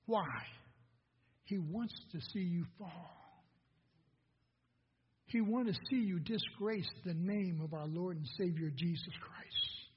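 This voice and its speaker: A man preaching a sermon as a pastor, asking the congregation questions and swinging between hushed passages and loud, building lines. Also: sits high, a little hiss or hum. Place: church sanctuary. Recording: dull lo-fi recording in a reverberant hall.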